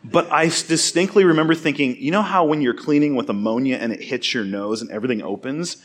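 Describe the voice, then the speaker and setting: A man preaching a sermon in an easygoing, conversational way. His voice sits in a middle pitch. He weaves a personal story into the teaching and speaks directly to the people listening. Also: fast talker. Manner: casual, chatty, laughs through his story.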